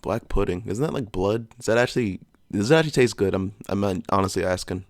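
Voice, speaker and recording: American man, very deep voice, casual reaction chat, blunt, swears, curious questions, dry sound. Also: fast talker, dry recording. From United States. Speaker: reaction video host.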